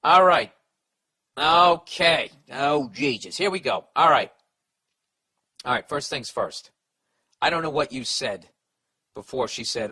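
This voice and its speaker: A man's voice: medium pitch, animated, slow, long pauses, pushed and bright, breathy edge. A middle-aged man hosting a podcast, giving blunt, profane comic advice in a self-deprecating rant.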